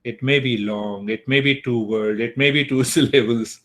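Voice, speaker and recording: A man teaching an online class on mantras, speaking deliberately and checking in with his students. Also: mid-range voice, steady tone, a bit bright. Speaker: spiritual teacher.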